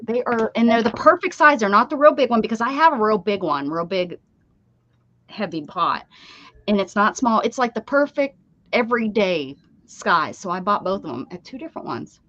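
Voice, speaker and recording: A talkative woman hosts a relaxed craft livestream, rambling from topic to topic and laughing easily. Her voice sits at a middle pitch. The sound is dry and slightly dull. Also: moderate pace, no room sound. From Pennsylvania. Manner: chatty, rambling, laughs often. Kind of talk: casual chat while crafting. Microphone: desk setup with downward-pointed camera.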